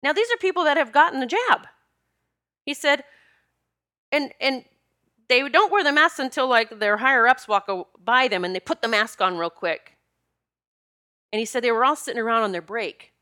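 A woman's voice: fairly high pitch, moderate pace, pauses often, pushed and bright. A woman talking casually and emphatically to her viewers, often repeating herself to stress a point. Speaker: vlogger addressing viewers. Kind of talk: casual monologue to camera.

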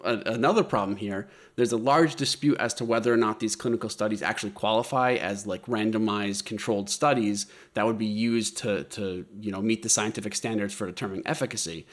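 A man's voice: fairly low pitch, a little fast, hardly any pauses. A man co-hosting a podcast, explaining a topic in casual chat, earnest, stumbling over repeated words. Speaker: podcast co-host presenting the topic.

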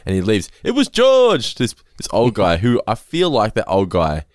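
A man's voice: on the low side, normal speed, darkish tone, no room sound, clean studio sound. A man co-hosting a podcast, recapping a sitcom in casual chat, laughing often, swearing freely and acting out the lines. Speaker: podcast co-host.

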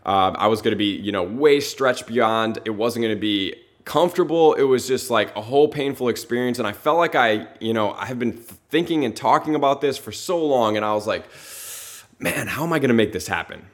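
Male motivational podcast host, earnest and conversational, stacks rhetorical questions, mid-pitched voice. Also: a little fast, hardly any pauses.

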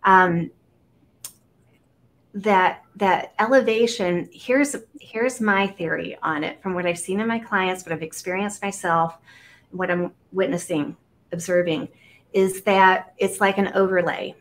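A woman from Iowa, a guest on an interview show, talking casually with many fillers and animated storytelling. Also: on the low side, a little slow. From Iowa, United States.

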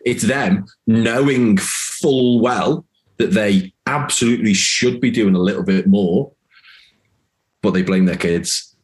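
A man's voice: on the low side, slow pace. A man, a guest on a casual podcast, blunt and emphatic, swearing and voicing what others think.

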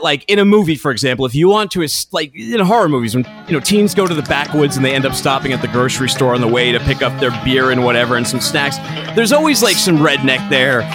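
A man co-hosting a casual chat, animated and full of "like" and "uh". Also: fairly high pitch, fast, soft background music. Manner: animated, lots of "like" and "uh". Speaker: podcast co-host.

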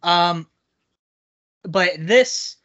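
A man's voice: high voice, very slow, fairly bright tone. A man in a casual podcast chat, speaking hesitantly and repeating words as he starts, recorded in dull lo-fi audio. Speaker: podcast co-host.

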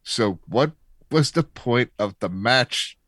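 A man co-hosting a casual chat, calmly questioning and explaining. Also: medium pitch, slow, dry recording, studio quality. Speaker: podcast co-host.

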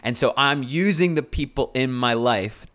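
A man's voice: medium pitch, moderate pace, fairly bright tone. A man hosting a solo podcast as a health coach, talking bluntly and casually with swearing and fillers.

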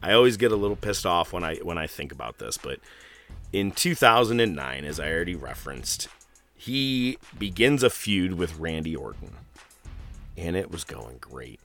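A man's voice: low-pitched, big pitch swings, normal speed, creaky, a bit bright, soft background music. A man hosting a casual podcast, rambling and profane, with lots of fillers. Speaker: podcast host.

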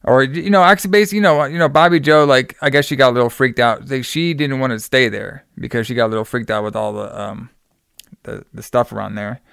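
A man chats through a film plot in a loose, rambling way, full of fillers and casual swearing. His voice is smooth and clear, recorded close and dry with no room sound. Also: mid-range voice, steady tone, fast, fairly bright tone, no echo. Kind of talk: casual movie recap chat.

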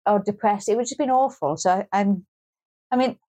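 A woman's voice: mid-range voice, moderate pace, mellow. A woman co-hosting a podcast in casual chat, wry and grumbling, with lots of restarts and swearing. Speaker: podcast co-host.

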